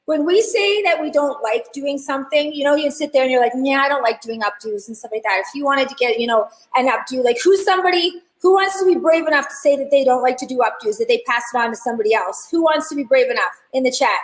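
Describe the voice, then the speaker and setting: A woman teaching a live online hair class, chatty and animated, talking straight to her viewers. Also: high voice, fast, few pauses, roomy sound, poor audio. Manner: chatty, animated storyteller addressing chat. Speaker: hair educator.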